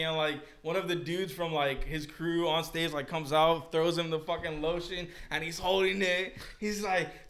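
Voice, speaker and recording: A man's voice: fairly high pitch, normal speed, few pauses. A young man co-hosting a podcast, telling concert stories in slangy, laughing casual chat. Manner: slangy, laughing, animated storytelling. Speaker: podcast co-host.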